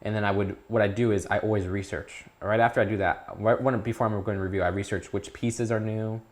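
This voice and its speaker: A young man in his teens talking casually as an interview guest, rambling with restarts and perking up when excited. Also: on the low side, fast talker. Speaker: YouTube creator, guest.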